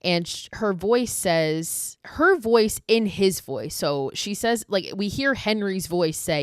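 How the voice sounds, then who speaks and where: A woman's voice: mid-range voice, expressive, slow, hardly any pauses, clear, resonant tone, no echo, clean studio sound. A woman hosting a podcast, casually recapping a horror film in a profane, sarcastic storytelling manner. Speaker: podcast host.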